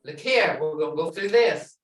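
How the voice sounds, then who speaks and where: A woman teaching a language class, repeating words slowly and prompting her students to say them back. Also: on the low side, animated. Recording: echoey room, mic at a distance.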